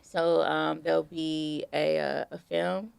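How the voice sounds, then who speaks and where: A young woman with a low voice and a strongly gravelly, fry-heavy texture. She talks in a relaxed, storytelling way during an interview, full of fillers. The sound is dry and close. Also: slow, no echo. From Detroit. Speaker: guest artist. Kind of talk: casual interview conversation.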